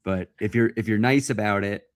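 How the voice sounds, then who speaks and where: An American man hosting a podcast, talking in a relaxed, reflective way and sharing advice. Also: lowish voice, normal speed, no echo, clean studio sound. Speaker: podcast host. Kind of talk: casual interview chat.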